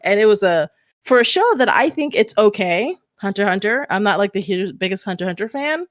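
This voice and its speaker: A woman guest on a podcast telling a story in lively casual chat, laughing as she goes. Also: mid-range voice, fairly quick, dry recording, clean studio sound.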